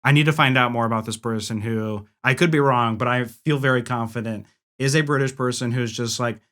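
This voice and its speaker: A young man from the United States tells a rambling story in casual podcast chat. His voice sits at an ordinary middle pitch, and his talk is full of filler words and restarts. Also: fairly quick, a bit bright. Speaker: guest.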